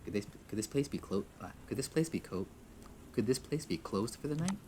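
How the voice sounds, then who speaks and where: A man's voice: medium pitch, expressive, a little fast, darkish tone, slight background noise. A man reading a visual novel aloud, often tripping over words, restarting lines and laughing at his own slips. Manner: stumbles, restarts, chuckles at himself. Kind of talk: reading game text aloud with asides.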